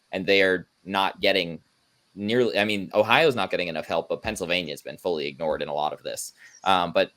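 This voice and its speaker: Journalist guest: man with a very low voice, earnest and explanatory, conversational. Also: fairly bright tone. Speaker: independent journalist as interview guest. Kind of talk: remote interview conversation.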